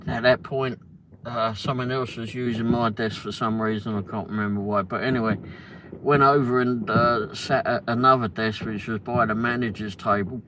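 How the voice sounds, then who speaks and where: A man's voice: mid-range voice, steady tone, normal speed. A man hosting a livestream, telling a long story in a rambling way with constant swearing and frequent restarts. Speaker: livestream host. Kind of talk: casual storytelling. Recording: noisy ambience behind voice.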